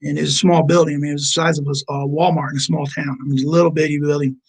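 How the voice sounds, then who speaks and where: A man in his forties, a basketball coach, telling an earnest story over a remote call with halting restarts. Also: fairly high pitch, level tone, gravelly, husky, rough recording. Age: 40s. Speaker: junior college basketball head coach.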